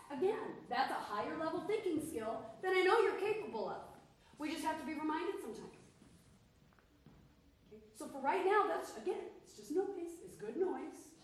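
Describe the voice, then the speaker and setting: Woman vocal coach, high and playful, teasing but encouraging; echoey room, mic far off. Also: a little hiss or hum. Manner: breaks into sung demonstrations. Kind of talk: coaching a singer.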